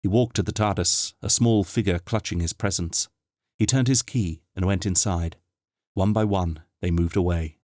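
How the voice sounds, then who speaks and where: A man narrating an unabridged audiobook in a steady, measured reading voice. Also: sits low, no room sound, studio quality. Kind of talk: scripted narration.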